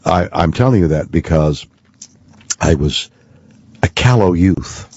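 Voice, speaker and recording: A man, an actor, telling a story as a guest on a radio talk show, deliberate and full of pauses and fillers. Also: low-pitched, animated, a little mellow, husky, no room sound. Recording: dry, dull lo-fi studio audio.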